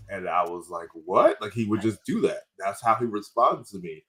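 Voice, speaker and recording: A man's voice: fairly low pitch, moderate pace, few pauses, breathy edge. A man, a comedian guest on a podcast, telling rambling stories in casual chat and correcting himself as he goes. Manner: rambling anecdotal storytelling with self-corrections.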